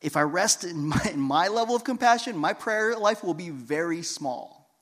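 A man preaching a sermon with a fairly high voice. He tells stories from his own life, dropping to a hush and then rising to loud, emphatic peaks. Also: animated, normal speed. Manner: storytelling, swings between hushed and loud emphatic. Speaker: pastor.

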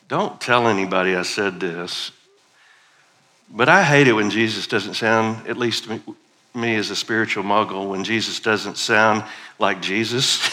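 A man's voice: fairly low pitch, expressive, measured pace, pauses often, sharp tone. A middle-aged man, preaching a playful, conversational sermon as a guest preacher. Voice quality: playful, conversational, leads congregation in call-and-response.

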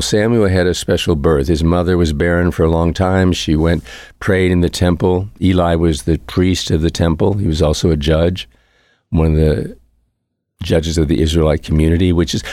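A priest with a very low, deep voice gives a relaxed, conversational homily. He's reflective, returns to repeat key phrases, and chuckles softly now and then, recorded close and dry with no room echo.

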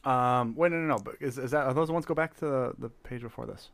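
A young man co-hosting a podcast in casual banter, playful and teasing, quick to laugh. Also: mid-range voice, vocal fry, a bit bright, dry recording. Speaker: podcast co-host.

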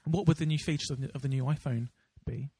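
Rambling podcast co-host, a man with a voice pitched a little high. He chats casually, stumbling through fillers and restarts, recorded dry and close with no room sound. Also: steady tone, fast talker, warm tone, breathy edge, no echo. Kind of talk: casual chat.

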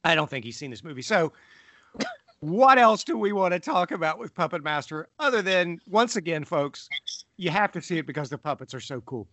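Male podcast host, slightly high voice, dry close sound, chatty and laughing. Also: sing-song, brisk, fairly bright tone, dry recording. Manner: chatty, laughs often, addresses listeners as folks. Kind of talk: casual film review chat. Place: lived in the South.

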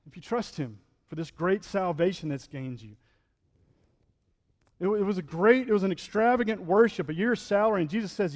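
A man's voice: high voice, lively intonation, moderate pace, long reverb tail. A male pastor preaching a sermon in a conversational style, acting out quotes and building to fervent peaks.

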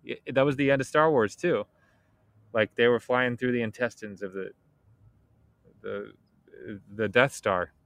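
A man's voice: mid-range voice, unhurried, pauses often, dry recording. A man chatting casually on a podcast, agreeable and trailing off mid-thought. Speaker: podcast co-host. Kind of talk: casual chat.

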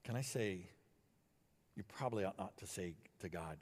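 A male pastor preaching a sermon in a conversational style, asking the congregation questions and swinging between quiet and emphatic delivery. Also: deep voice, expressive, moderate pace, pauses often, husky. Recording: long hall reverb.

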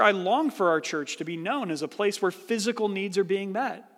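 A man's voice: high voice, fairly bright tone. A man preaching a sermon as pastor, earnest, building his points with rhetorical questions. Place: church sanctuary. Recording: reverberant church hall.

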